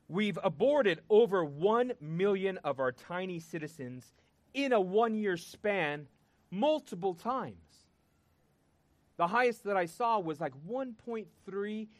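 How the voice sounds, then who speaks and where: A man preaching a sermon, earnest and emphatic, pausing and repeating words for weight. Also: sits high, dry recording.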